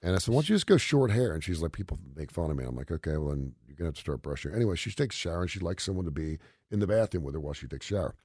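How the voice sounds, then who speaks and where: Deep-voiced man telling a family story. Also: very fast, breathy edge, no echo, clean studio sound. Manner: animated anecdote teller, quotes his kids, laughs often. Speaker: radio show host. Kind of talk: casual radio chat, storytelling.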